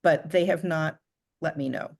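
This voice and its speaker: Woman, author guest, casual chat, animated, laughs a lot, acts out quotes, video call. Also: low voice, normal speed, gravelly. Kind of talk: casual conversational interview.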